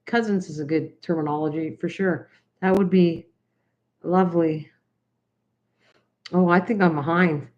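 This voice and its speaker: An older woman from the United States chatting rambly with viewers while she makes cards on a livestream. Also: on the low side. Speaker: craft livestreamer. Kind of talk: casual livestream chat while crafting. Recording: slightly dull lo-fi stream audio.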